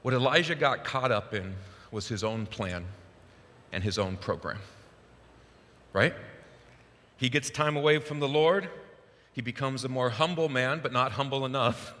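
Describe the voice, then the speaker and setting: Male pastor, animated sermon storyteller, forceful voice, long church reverb. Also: medium pitch, a little slow, pauses often. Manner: animated storytelling, acts out Bible quotes. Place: church sanctuary.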